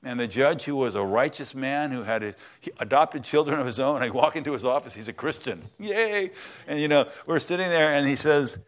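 A man preaching a conversational sermon in a church, swinging between loud, stressed words and quiet asides. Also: medium pitch, fairly quick. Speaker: pastor.

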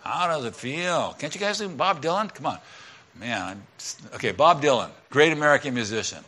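Bright-voiced male pastor preaching. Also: medium pitch, sing-song, fairly quick. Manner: conversational preaching, swinging from loud emphasis to quiet asides. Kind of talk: sermon.

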